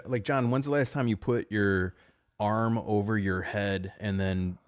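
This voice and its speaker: A man with a very low voice, co-hosting a podcast in loose, casual chat. He tells rambling stories and laughs often, recorded dry and close with no room sound. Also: steady tone, measured pace, no echo. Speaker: podcast co-host.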